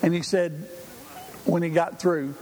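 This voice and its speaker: A man's voice: a little high, steady tone, a little slow, darkish tone. An older man preaching a sermon in a folksy, conversational way, with frequent fillers. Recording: hall reverb, faint room noise.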